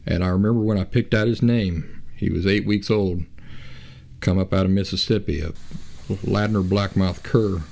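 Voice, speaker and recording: A man hosting his own show, talking in a reflective, unhurried way with frequent restarts and pauses. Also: deep voice, fairly even intonation, vocal fry, darkish tone. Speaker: podcast host. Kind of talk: reflective casual talk.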